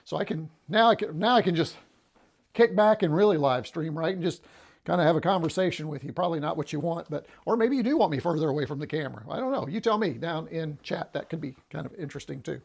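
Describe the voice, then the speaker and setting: A man hosting a relaxed livestream, chatting to viewers in a rambling, easygoing way and often pausing on "uh". His voice sits a little high and carries a gravelly edge. He sounds slightly out of breath, and he is picked up close on a small lapel mic. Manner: chatty, rambling, with frequent "uh" and restarts. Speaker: livestream host. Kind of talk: casual livestream chat.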